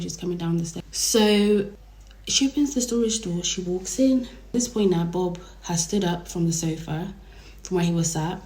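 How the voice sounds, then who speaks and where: A young woman telling a dramatic storytime vlog in a chatty, animated way. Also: fairly low pitch. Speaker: vlogger. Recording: roomy echo.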